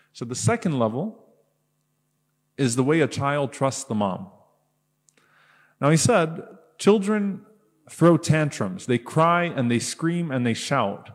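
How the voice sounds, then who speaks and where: A man preaching a sermon on stage, animated and acting out his examples with his voice rising for emphasis. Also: mid-range voice. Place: stage in a large hall. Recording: long hall reverb.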